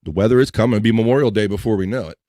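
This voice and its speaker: A chatty man with a low voice and a slight Mid-Atlantic American twang hosts a live podcast stream. He rambles loosely and restarts sentences mid-thought. The sound is dry and close, with no room echo. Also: racing, mellow. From Mid-Atlantic United States. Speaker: podcast host. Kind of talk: casual live-stream chat.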